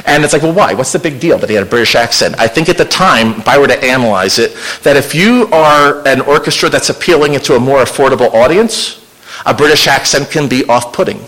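A man's voice: mid-range voice, lively intonation, a little fast, fairly bright tone, rough recording. A man giving an informal illustrated history lecture to an audience, conversational and with wry asides. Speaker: local historian giving a slide talk.

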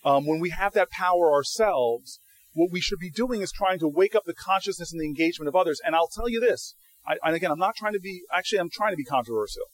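A man with a high-pitched voice speaks to a live audience as a guest speaker. He tells stories with energy, stumbling and restarting his sentences, and mimics the people in his anecdotes. He sounds like he is speaking in an event hall. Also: quick pace. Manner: animated storyteller, frequent restarts; acts out quoted people. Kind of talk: answering audience questions.

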